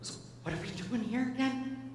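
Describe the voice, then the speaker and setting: A woman's voice: on the high side, moderate pace, darkish tone, a little hiss or hum, pitched above the performer's own voice, lightly acted. A woman voicing her bewildered, childlike elderly father, who asks puzzled questions and blurts things out. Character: bewildered old man, childlike and blunt. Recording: echoey hall from far off.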